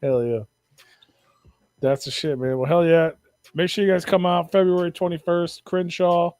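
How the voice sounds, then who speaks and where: A man's voice: high-pitched, moderate pace, a little mellow, smooth, no echo. A man hosting a show, chatting in a laid-back, profane, enthusiastic way. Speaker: host. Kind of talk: casual chat.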